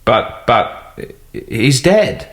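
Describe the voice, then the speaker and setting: A man's voice: medium pitch, big pitch swings, drawn-out words, a bit bright, pitched above the performer's own voice, full character voice. A man reading an audiobook, voicing a timid, flustered little male secretary who stammers. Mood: shocked. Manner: stammering, fussy.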